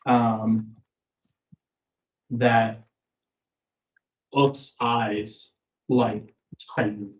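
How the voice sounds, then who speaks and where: A man's voice: medium pitch, darkish tone. A man acting as game master, narrating a tabletop game in a rambling, hesitant way with lots of fillers. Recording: roomy, dull lo-fi audio.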